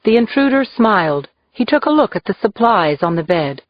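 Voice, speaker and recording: A woman reading a crime novel aloud in measured, even audiobook narration, in a dull, dry lo-fi recording. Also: mid-range voice, no room sound.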